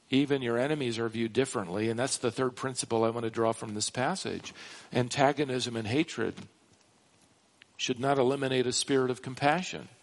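A man preaching a sermon, slow and emphatic, with dramatic rises in pitch on key words. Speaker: pastor.

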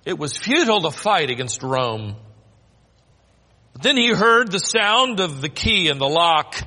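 A man's voice: a little high, very animated, measured pace. Dramatic preacher man in a reverberant hall. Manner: dramatic storytelling, swings from loud to hushed. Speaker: pastor. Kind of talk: sermon. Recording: long reverb of a large hall.

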